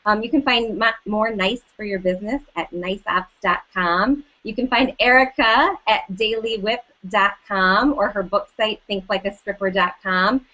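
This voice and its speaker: A woman hosting a web interview show, upbeat, with quick affirmations and easy laughter. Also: medium pitch, bright, forceful tone, low-quality recording. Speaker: host.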